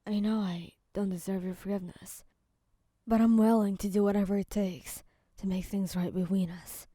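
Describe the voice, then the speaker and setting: A woman voicing a remorseful young man who apologizes in a soft, hushed, pleading way. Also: mid-range voice, steady tone, moderate pace, no echo, studio quality, voice pushed down, natural voice.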